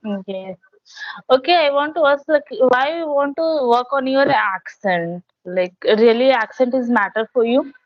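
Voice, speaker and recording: A woman's voice: a little high, unhurried, no echo. Bihari-accented woman tutor, dry muffled audio. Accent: Indian English, Bihar. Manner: casual, gropes for question wording. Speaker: English conversation tutor. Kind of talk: casual conversation practice. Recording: dull, dry video call audio.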